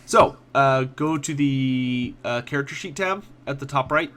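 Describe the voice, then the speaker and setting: A man's voice: mid-range voice, measured pace, a little hiss or hum. A man running a tabletop role-playing game as game master, narrating loosely with plenty of ums and uhs. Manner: relaxed, filler-heavy narration.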